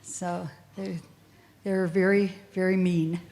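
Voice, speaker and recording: A woman's voice: lowish voice, little pitch movement, takes it slowly, vocal fry, a little mellow. A middle-aged woman, the child of a Holocaust survivor, answering student questions at a school assembly, earnest and at times close to tears. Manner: emotional, tearful at times, earnest.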